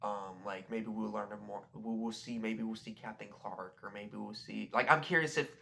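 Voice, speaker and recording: A man's voice: fairly low pitch, fairly even intonation, moderate pace, vocal fry, sharp tone, slight background noise. A young man rambling casually about a film he just watched, often restarting his sentences. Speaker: video creator. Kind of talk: casual rambling movie review.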